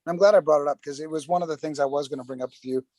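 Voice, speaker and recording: A man with a slightly high voice on a casual podcast, speaking haltingly with fillers and restarts. The sound is close and dry. He works his way through points one phrase at a time. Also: mellow, no room sound. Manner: halting, repeats himself, many fillers. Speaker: podcast co-host.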